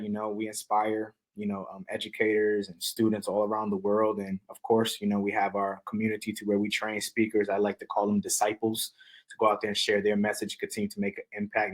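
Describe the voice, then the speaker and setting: A man who is a podcast guest and motivational speaker, telling stories in a lively, slangy, preacher-like way. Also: lowish voice, rough recording. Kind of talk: energetic storytelling in casual chat.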